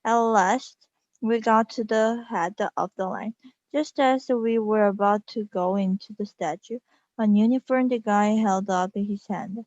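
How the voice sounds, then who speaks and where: A woman whose first language is Korean reads a children's storybook aloud, slowly and carefully, with small restarts. Her voice is mid-pitched. The recording is dull and lo-fi, with a very dry, close sound. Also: darkish tone, dry recording. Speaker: reader.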